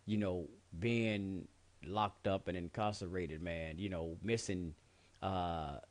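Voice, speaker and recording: A man's voice: sits low, steady tone, slow. A man hosting a show, talking candidly and bluntly in a heartfelt personal monologue, swearing often and saying "man" a lot. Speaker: show host.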